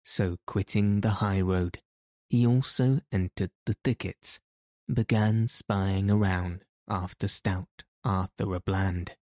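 A man narrates an old tale with measured, even storytelling. His voice is low and mellow, and the reading is slow and flat with little rise and fall. The recording is close and dry. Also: dry recording. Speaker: audiobook reader. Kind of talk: scripted narration.

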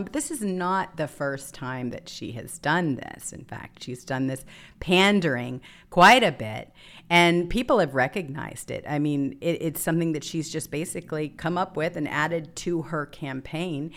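A woman's voice: sits low, lively intonation, unhurried, fairly bright tone. A woman hosting a political talk show, giving sarcastic, emphatic opinion commentary.

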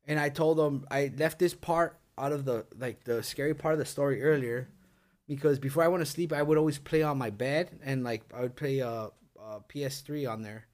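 A middle-aged podcast co-host, his voice on the high side, a little fast and a little mellow, rambles through a spooky story with friends at an indoor podcast setup. He curses freely and keeps saying "like" and "dude."

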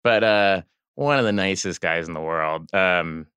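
Low-voiced man telling set stories. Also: unhurried, clean tone, no echo. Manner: animated, acts out quoted voices. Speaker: guest actor and director. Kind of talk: casual storytelling chat.

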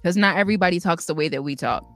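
A woman's voice: lowish voice, racing, fairly bright tone, soft background music. A young woman with a Chicago accent, co-hosting a live talk show in a playful, laughing, emphatic way. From Chicago, USA. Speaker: co-host. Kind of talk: casual chat.

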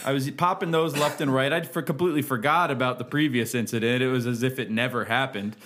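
A man improvising a comic story in a deadpan way, building the absurdity and laughing at himself. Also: mid-range voice, fast.

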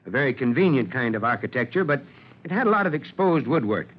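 An actor playing a kindly, gruff old fire chief in a 1940s radio drama, fatherly and teasing, on a dull lo-fi old radio recording. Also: medium pitch, sing-song, fast. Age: older.

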